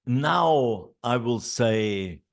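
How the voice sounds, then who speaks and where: A man's voice: mid-range voice, expressive, very slow, gravelly. A middle-aged man giving a teacher training talk, walking through classroom steps with many fillers and repeated et ceteras.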